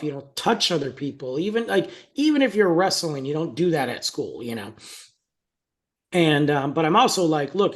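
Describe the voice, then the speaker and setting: Man telling a story on a podcast. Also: fairly high pitch. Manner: storytelling, acts out quotes, laughs often. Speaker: podcast co-host. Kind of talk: casual podcast chat.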